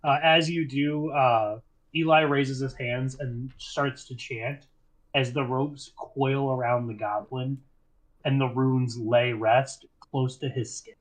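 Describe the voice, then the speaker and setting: Male game master, mid-pitched, easygoing scene narration. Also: fairly even intonation, low-quality recording. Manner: descriptive, unhurried narration with fillers.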